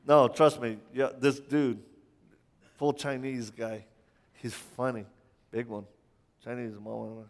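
Brief: male preacher, mid pitch, fervent sermon with stammered restarts and pointed questions, long hall reverb. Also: little pitch movement, takes it slowly, pauses often. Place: church sanctuary.

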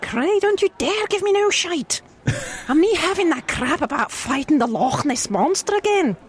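A man's voice: very high voice, lively intonation, moderate pace, voice pushed up. A man voicing a fed-up Scottish wife nagging her husband over the phone in a put-on Scottish accent. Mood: scolding. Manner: scolding, sharp.

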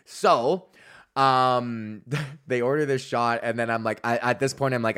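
A man's voice: medium pitch, normal speed, a bit bright, clear, resonant tone. Swearing, rambling male comedian podcaster. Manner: rambling, swears constantly, laughs at own jokes, acts out voices in stories. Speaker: podcast host, stand-up comedian. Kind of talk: casual profane storytelling monologue.

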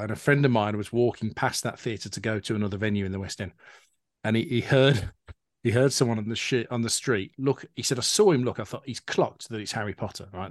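A man's voice: on the low side, dry recording, studio quality. A man co-hosting a podcast, telling jokey anecdotes and tagging lines with questions. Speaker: podcast co-host. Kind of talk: casual interview chat.

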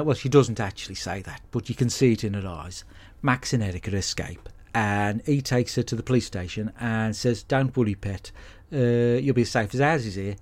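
Sweary deadpan bloke. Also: male voice, medium pitch. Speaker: podcast host. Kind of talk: comic film review monologue.

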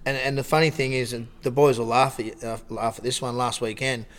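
A middle-aged Australian man spins a casual story at a middling pitch. He acts out quoted lines as he goes and often restarts his sentences. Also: fairly even intonation, brisk, fairly bright tone. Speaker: guest storyteller. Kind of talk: casual anecdote.

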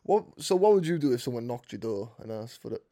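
A man's voice: medium pitch, sing-song, quick pace, mellow. Blunt, teasing man. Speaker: podcast co-host. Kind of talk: casual chat.

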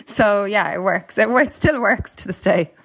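A woman's voice: medium pitch, moderate pace, fairly bright tone. Irish woman guest, thirties, chatty storyteller, laughs and fillers a lot. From Ireland. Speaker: guest, retired Olympic runner. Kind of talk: casual interview chat.

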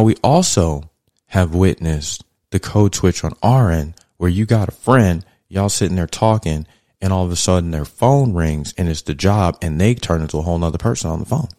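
In a clean studio recording with no room sound, a low-voiced podcast host talks through a casual monologue. He's blunt and profane but conversational, getting more heated and louder as he goes.

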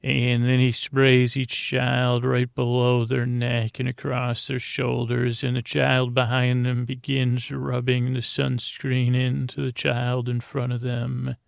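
Slow gravelly man meandering through a bedtime story. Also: mid-range voice, monotone, dry recording. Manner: meandering, stumbling, deliberately dull. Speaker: podcast host. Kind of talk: rambling bedtime story narration.

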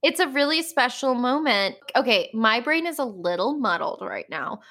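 A woman co-host talks through a book in a loose, chatty way. She acts out little quoted lines as she retells the scenes. Her voice sits a bit higher than most. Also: animated, normal speed, bright, forceful tone. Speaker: podcast co-host. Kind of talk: casual book discussion.

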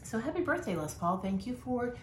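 A woman's voice: fairly high pitch, sing-song, a little fast. A middle-aged woman co-hosting a podcast in casual, self-deprecating chat, reading out dates and facts. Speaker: podcast co-host. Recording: roomy with faint noise.

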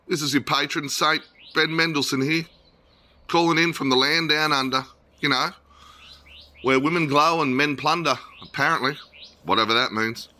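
A man's voice: fairly high pitch, moderate pace, long pauses, pushed and bright. A man doing a laid-back Australian bloke. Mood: cheery. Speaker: caller sending a recorded message.

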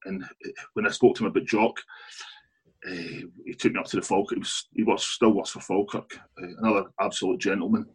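A man's voice: fairly low pitch, little pitch movement, fairly quick, breathy edge, rough recording. A Scottish man, an author being interviewed, telling long anecdotes in a chatty way, laughing often and restarting his sentences. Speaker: author and guest. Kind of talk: casual interview storytelling.

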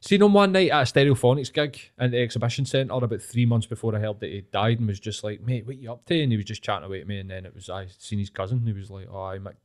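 A man's voice: fairly low pitch, steady tone, rapid-fire, few pauses. A Glaswegian man in his late thirties, hosting a podcast, telling school stories in casual, sweary chat with frequent laughs. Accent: Glaswegian Scottish. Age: late 30s. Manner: sweary, storytelling, laughs often. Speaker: podcast host.

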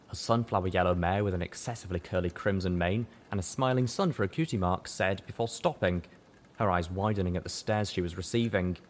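A man narrating a fan fiction audiobook with expressive storytelling. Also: deep voice.

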